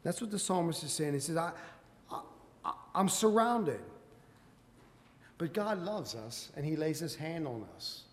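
A man preaching a sermon, quoting scripture in old-fashioned wording and building to loud, emphatic peaks. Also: a little high, animated, unhurried, long pauses. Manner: quotes scripture in King James wording. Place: church sanctuary. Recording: long hall reverb.

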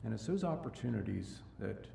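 A male preacher with a gravelly voice delivers a sermon in a church. He swings from loud, emphatic rises to quiet, low passages and often repeats himself as he restarts a thought. He is picked up from some distance in a roomy, echoing space. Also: sing-song, fairly quick, slight background noise. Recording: echoey room, mic at a distance.

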